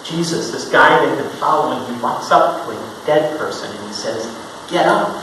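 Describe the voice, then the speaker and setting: A male pastor delivering a sermon, telling a story with sudden emphatic rises and soft drops. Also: normal speed. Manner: storytelling, rising to emphatic highs then dropping soft. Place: church sanctuary. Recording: echoey hall from far off, noisy.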